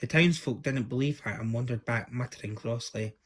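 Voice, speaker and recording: A man reading a children's story aloud in a lively, expressive manner, with small stumbles. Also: medium pitch, a little fast.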